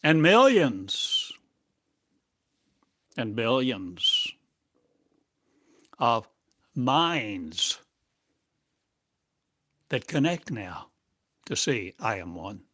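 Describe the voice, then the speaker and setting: A man giving a channeled spiritual monologue as a teacher, speaking in drawn-out phrases and asking one rhetorical question after another. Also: mid-range voice, wildly swooping pitch, bright, forceful tone, slightly rough, no room sound, studio quality.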